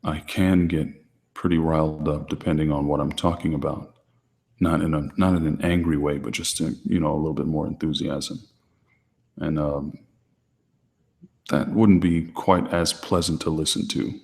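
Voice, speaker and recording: A man hosting his channel, answering viewer questions in a calm, deliberately quiet, restrained way. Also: a bass voice, vocal fry, in a large hall. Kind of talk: low-key livestream chat.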